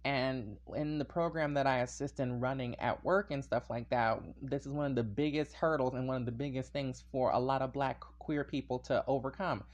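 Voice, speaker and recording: Man, podcast host, casual solo monologue, animated, digressive, laughs often. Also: mid-range voice, moderate pace, hardly any pauses. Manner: animated and chatty, wanders into tangents with frequent laughs.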